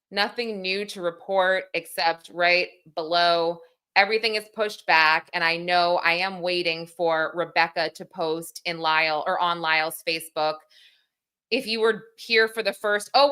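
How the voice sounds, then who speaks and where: A woman's voice: on the low side, sharp tone, clean tone. A woman in her thirties hosting a livestream, chatting casually, reading comments aloud and laughing at herself. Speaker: livestream host.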